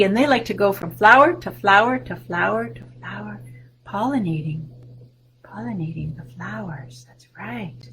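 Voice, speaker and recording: A woman reading a picture book to young children, coaxing guesses and praising them, with soft whispered sound effects. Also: medium pitch, moderate pace, husky, low-quality recording. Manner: sing-song, coaxing, asks questions then praises guesses. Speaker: children's librarian.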